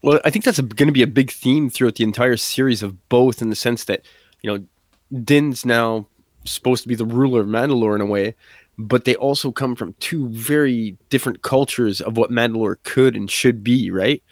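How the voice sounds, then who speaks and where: Excited man talking fast and loose. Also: medium pitch, no echo, studio quality. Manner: animated, excited, many fillers and acted-out quotes. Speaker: podcast co-host. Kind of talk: casual chat.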